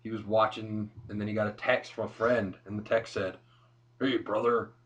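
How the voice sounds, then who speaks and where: A man's voice: fairly low pitch, level tone, fairly quick. A young man co-hosting a wrestling review, recapping the show in a joking, laid-back way. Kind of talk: casual chat.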